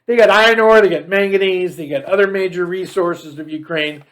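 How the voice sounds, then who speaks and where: A man's voice: high-pitched, brisk, fairly bright tone. A man hosting a political commentary monologue, reading facts aloud and breaking in with sarcastic, mocking asides. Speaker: show host.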